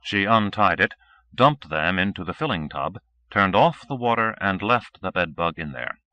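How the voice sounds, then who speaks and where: A man narrating a first-person novel as an audiobook, with steady, measured reading. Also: sits low. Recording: dull 1980s cassette recording.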